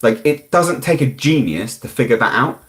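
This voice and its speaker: A British man chatting on a live stream. His pitch swings a lot, rising and falling freely as he rambles through viewer comments. He speaks bluntly and frankly in a medium-pitched voice. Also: lively intonation, normal speed. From United Kingdom.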